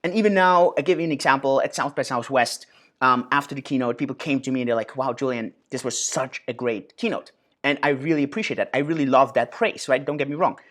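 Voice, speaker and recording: A man in his thirties hosting a casual Q&A and answering viewer questions, animated, with many fillers and restarts. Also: mid-range voice, quick pace. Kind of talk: casual Q&A monologue.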